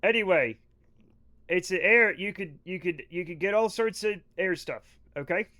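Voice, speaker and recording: This livestream gamer's voice sits high with a sharp tone and a moderate pace. He plays on stream while chatting casually with viewers, rambling, cursing and joking around.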